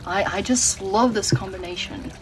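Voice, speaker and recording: A Brazilian woman gives a tarot reading, earnest and emotional, often restarting her words. Her voice is medium in pitch at a moderate pace, and the recording quality is low.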